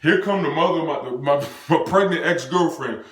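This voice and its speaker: A young man from the United States telling a personal story in an animated, slangy way, acting out what people said with sound effects. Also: on the high side, normal speed. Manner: excitable, acts out quotes and sound effects, slangy and profane. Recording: roomy echo.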